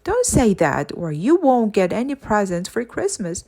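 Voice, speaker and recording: A woman's voice: medium pitch, wildly swooping pitch, normal speed, vocal fry, heavily acted. A woman doing a harsh scolding governess. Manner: scolding, loud. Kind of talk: audiobook character voice.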